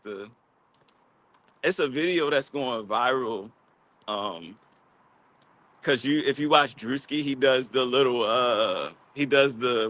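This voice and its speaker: A man's voice: mid-range voice, a bit bright. A man from Baltimore with a Baltimore accent, chatting loosely and slangily on a livestream while out walking. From Baltimore, USA. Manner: loose, rambling, slangy, with many fillers. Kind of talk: casual livestream chat. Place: outdoors, walking.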